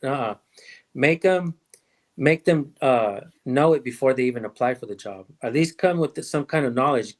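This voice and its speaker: Livestream host guy, rambly and thinking out loud, regular middle voice. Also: medium pitch, animated, moderate pace. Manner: rambling and reflective, trails off often. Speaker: host of a police-accountability livestream. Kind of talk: casual livestream chat.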